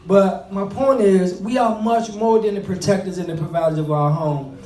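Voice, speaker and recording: A middle-aged man gives a motivational talk about fatherhood, earnest and conversational, often repeating himself and starting over. His voice sits high with a dark tone and a moderate pace. He's seated back from the mic in an echoey room, so he sounds distant.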